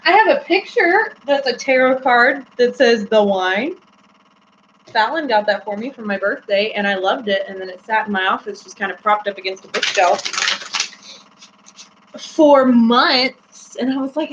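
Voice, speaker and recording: A woman's voice: on the high side, lively intonation, normal speed. A woman hosting a casual live-stream tarot reading, chatty and giggly with many fillers. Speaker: host. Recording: slightly dull with faint hum.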